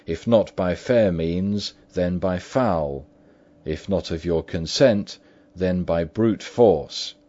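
A man voicing a stern middle-aged male lawyer who speaks forcefully, in a storybook reading. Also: low-pitched, measured pace. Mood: demanding. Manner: stern, forceful when calling out. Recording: dull lo-fi recording.

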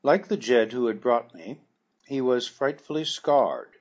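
A man reading a classic adventure novel aloud in a measured, formal storytelling manner, with a husky voice. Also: mid-range voice, expressive, lo-fi sound. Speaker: audiobook narrator.

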